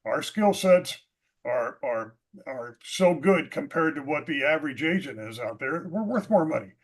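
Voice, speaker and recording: A man who is a guest real estate agent, talking in a casual interview chat in an animated, self-assured way and laughing often. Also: a little high, normal speed.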